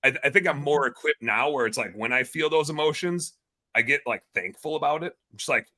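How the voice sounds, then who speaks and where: A man in his thirties, a guest entrepreneur on a podcast, talking in an energetic, excitable way and swearing casually. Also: fairly high pitch, fairly quick.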